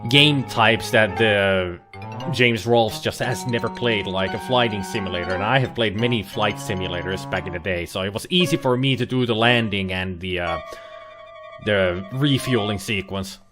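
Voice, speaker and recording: In another let's play clip, the host's voice sits lowish and moves at a normal speed. He keeps up a light, joking running commentary on an old computer game, with side mutterings and quiet game music behind him.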